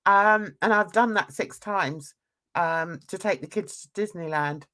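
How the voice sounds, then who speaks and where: A middle-aged woman from England, an artist and channel host, runs a casual video chat, rambling and laughing often. She speaks unhurriedly in a lowish, fairly bright voice.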